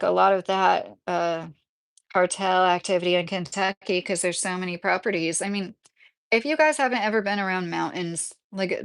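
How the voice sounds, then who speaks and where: A woman hosting a casual live stream from her rural home, rambling through stories with lots of fillers as she answers her chat. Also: on the low side. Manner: chatty, rambling, with frequent fillers.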